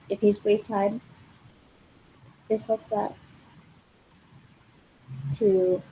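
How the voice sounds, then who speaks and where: Woman vlogger venting, mellow low-key tone, swears a lot, says like constantly, bit of faint hiss behind. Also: rough recording. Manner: rambling and profane, heavy use of "like"; exasperated. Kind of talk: casual storytime rant.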